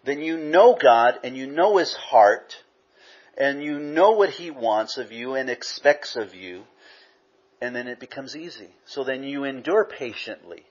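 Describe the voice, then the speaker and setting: Middle-aged male pastor, husky, conversational, on a muffled recording. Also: mid-range voice, expressive, measured pace. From Southern California. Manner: conversational, frequent "you know" asides. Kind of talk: sermon with personal storytelling. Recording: dull lo-fi recording.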